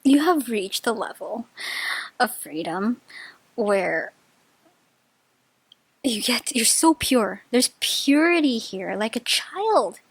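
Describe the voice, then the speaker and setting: A high-pitched woman reading tarot in a casual, chatty way, full of filler words and quick restarts. Her voice sits close and dry, with no room sound around it. She gushes readily and often breaks into delighted laughter. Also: expressive, breathy edge, no echo. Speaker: tarot reader.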